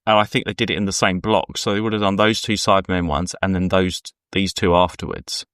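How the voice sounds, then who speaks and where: Here a podcast co-host speaks in a deep voice with little pitch movement, fairly bright in tone and brisk in pace. He rambles casually through anecdotes, voicing the people he quotes. The sound is clean studio audio without echo.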